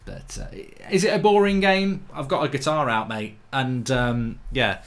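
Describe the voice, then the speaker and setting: A man's voice: mid-range voice, fairly even intonation, unhurried, a bit bright. A man hosting a live football watchalong stream, talking in a chatty, jokey, rambling way with lots of fillers. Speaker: football channel host. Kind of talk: live match watchalong chat. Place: home studio, with a guitar.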